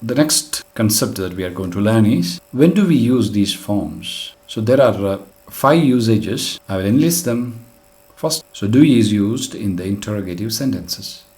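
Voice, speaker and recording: A man's voice: on the low side, animated, a little slow, darkish tone, soft background music. Patient man teaching English grammar. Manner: patient, explains step by step with examples. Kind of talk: recorded grammar lesson.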